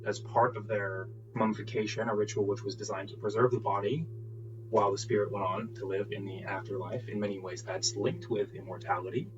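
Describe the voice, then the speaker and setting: A man narrating a solo tabletop game as game master, relaxed and rambling, with frequent laughs and fillers. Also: fairly low pitch, brisk. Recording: dull lo-fi recording with faint music.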